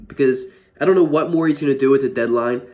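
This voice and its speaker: A man's voice: mid-range voice, fast, warm tone. A young man vlogging casual sports commentary, frustrated and exasperated, rambling with lots of fillers.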